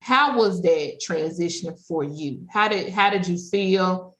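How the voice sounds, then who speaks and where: A woman's voice: lowish voice, slow pace, a bit bright. A woman in her thirties hosting a podcast and interviewing her mother with casual, probing follow-up questions. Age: 30s. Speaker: podcast host.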